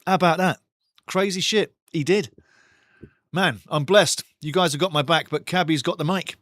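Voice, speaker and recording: Guy hosting a footy watchalong, gets excited, reads out chat, dry studio sound. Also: a little high, moderate pace, no room sound. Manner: excitable, reads chat messages aloud, chatty asides. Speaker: watchalong host. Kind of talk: live football watchalong commentary and chat. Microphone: studio mic.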